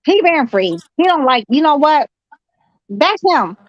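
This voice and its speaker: A woman in a casual group chat, animated and slangy, talking over the others. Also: sits high, measured pace, dry recording, dull audio. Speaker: chat participant.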